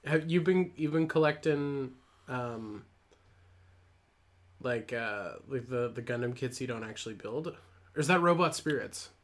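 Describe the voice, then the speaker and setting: A man's voice: mid-range voice, expressive, unhurried, a bit bright. A young man co-hosting a casual chat, telling a long awkward anecdote with frequent laughs and restarts. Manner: rambling, self-deprecating, laughs often. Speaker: podcast co-host.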